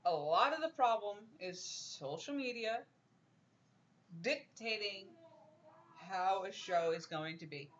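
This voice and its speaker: A young woman hosting a casual wrestling chat, animated, ranting and laughing often. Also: mid-range voice, slow pace, long pauses, slight background noise. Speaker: podcast host. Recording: dull lo-fi stream audio.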